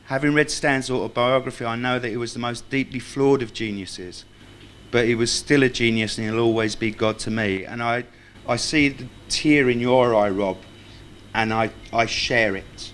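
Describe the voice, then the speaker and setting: A man's voice: medium pitch, fairly even intonation, moderate pace, fairly bright tone, a little hiss or hum. A man speaking at a tribute evening, reciting a tribute poem and telling wry, self-mocking anecdotes to a live audience. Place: club function room with live audience.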